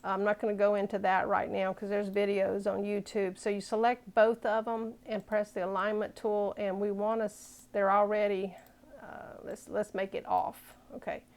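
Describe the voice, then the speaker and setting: A woman with a gravelly, creaky edge to her voice, talking through a screen tutorial. She explains each step casually and thinks aloud as she works, at an ordinary middle pitch. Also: level tone, moderate pace, a little mellow. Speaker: craft tutorial maker.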